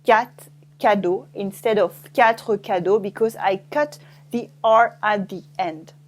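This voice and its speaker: A woman with a French accent teaching pronunciation in a language lesson, saying words slowly and repeating them with care. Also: mid-range voice, faint music behind. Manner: slow, careful pronunciation drills, repeating each word.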